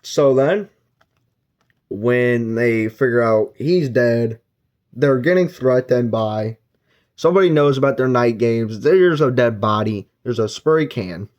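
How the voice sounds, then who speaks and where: This man talks slowly in a medium-pitched, darkish voice, and the recording sounds muffled. His book review is casual and meandering, a plot recap full of fillers with quick bits where he voices the characters.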